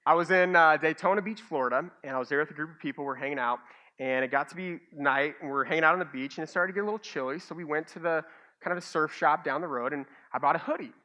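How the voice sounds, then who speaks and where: A man preaching a sermon as a pastor, telling stories with animated, self-mocking humor. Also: on the high side, fast. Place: church stage.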